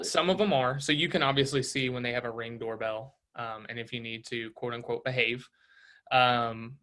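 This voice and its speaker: A man's voice: medium pitch, a bit bright. A man leading a casual real estate training session, coaching with rhetorical questions and a frequent "right?".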